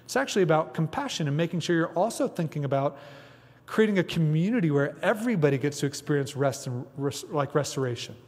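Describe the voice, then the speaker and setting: A man's voice: fairly high pitch, animated, quick pace, darkish tone, in a large hall. A man preaching a sermon as pastor, chatty and conversational with frequent asides. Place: church sanctuary.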